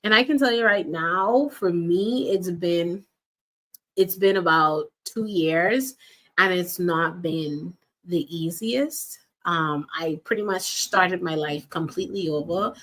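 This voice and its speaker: Woman, lowish voice, faith coach, earnest direct monologue, repeats for emphasis. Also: slow, a bit bright. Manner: earnest, repeats key phrases, addresses listeners directly. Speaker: faith-based life and wellness coach. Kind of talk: faith-based motivational monologue.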